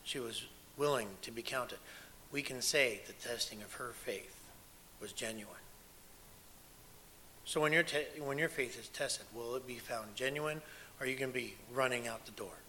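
Forceful preacher, bright voice. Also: male voice, mid-range voice, normal speed, slight background noise. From United States. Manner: emphatic storytelling, dropping to a hush and rising loud. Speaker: pastor and former missionary. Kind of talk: sermon.

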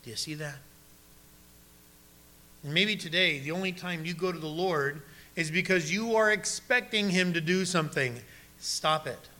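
Bright-voiced man preaching a sermon. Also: fairly high pitch, normal speed, pauses often. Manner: preaching, direct questions to the congregation. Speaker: pastor.

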